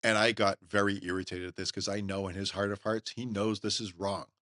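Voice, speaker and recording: Middle-aged guy podcasting solo, deepish voice, opinionated and folksy, quick little impressions, dead dry sound. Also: little pitch movement, fairly bright tone, no room sound. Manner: emphatic, folksy, mimics others in quick asides. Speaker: podcast host.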